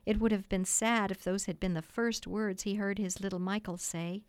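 A woman reads a classic children's story in a gentle, measured way. Her voice sits mid-range, and the recording is dry and close. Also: medium pitch, steady tone, smooth, no room sound. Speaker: audiobook reader. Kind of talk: storybook narration.

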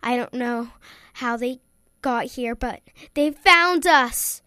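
A woman's voice: on the high side, monotone, slow pace, no room sound, clean studio sound. A woman doing a panicky stammering troll. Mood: panicked. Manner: stammering, shrieking. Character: panicky frightened male troll.

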